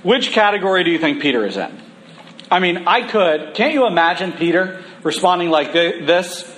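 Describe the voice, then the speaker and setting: Conversational preacher, man with a higher voice. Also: expressive, fairly bright tone. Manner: conversational, humorous, slows for emphasis. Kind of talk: sermon.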